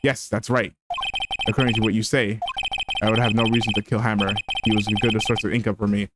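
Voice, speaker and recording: A man's voice: on the low side, flat delivery, brisk, very noisy, close to an everyday voice. A man reading as a cold, haughty woman producer. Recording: loud game music behind voice.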